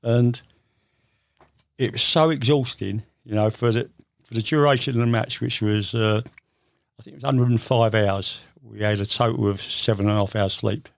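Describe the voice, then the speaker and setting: A man's voice: medium pitch, steady tone, normal speed, gravelly, dry recording, studio quality. An older man from England, telling long stories in a rambling, casual way with many fillers. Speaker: guest. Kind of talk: casual storytelling interview.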